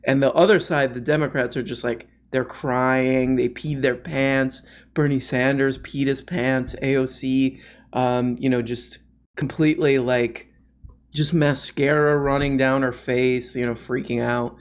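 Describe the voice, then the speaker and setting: A man's voice: medium pitch, fairly even intonation, measured pace. A man hosting a comedic commentary video, sarcastic and often laughing as he riffs on clips.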